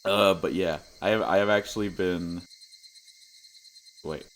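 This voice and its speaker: A young man chatting casually while streaming a game, rambling and often breaking into high-pitched laughter. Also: unhurried, fairly bright tone, a little hiss or hum. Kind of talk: casual livestream gaming chat.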